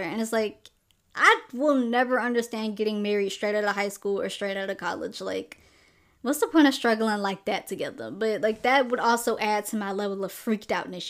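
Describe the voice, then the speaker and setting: A young woman hosting a podcast, casually recapping and reviewing a novel with sassy asides and quick acted-out quotes. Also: medium pitch. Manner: chatty, sassy asides, acts out characters' lines. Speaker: podcast host. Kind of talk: casual book review chat.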